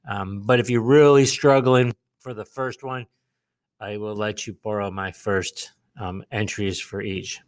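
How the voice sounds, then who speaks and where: A man's voice: on the low side, fairly even intonation, a little slow. Guy teacher explaining step by step, lots of ums, patient. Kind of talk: classroom instruction.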